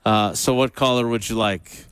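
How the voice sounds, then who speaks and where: Smooth-voiced man hosting sports radio. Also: medium pitch, normal speed. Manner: dry, steady, plays along with the jokes. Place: radio studio.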